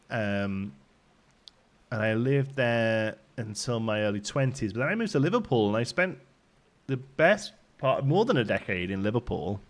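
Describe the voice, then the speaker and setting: A man in his thirties with a softened Midlands accent, hosting a game livestream in rambling, chatty talk and laughing often. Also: mid-range voice. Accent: softened Midlands English. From English Midlands. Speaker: livestream host. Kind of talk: casual chat while streaming a game.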